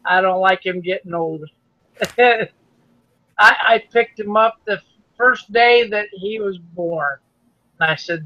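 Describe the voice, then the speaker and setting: A man's voice: sits high, slow pace, long pauses, no room sound, dull audio. A man chatting casually and laughing often, talking from his home workshop on a video call.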